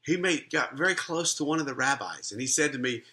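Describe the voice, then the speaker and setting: A man's voice: medium pitch, expressive, brisk, bright, forceful tone. A middle-aged man, a Christian minister and life coach, telling a personal testimony in an earnest, conversational way with frequent restarts.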